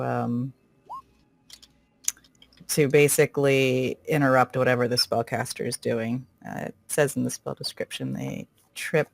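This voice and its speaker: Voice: medium pitch, vocal fry, dry recording. A tabletop game player describing a character's moves in hesitant, casual speech and laughing at their own ideas. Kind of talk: casual play-by-play of a character's actions.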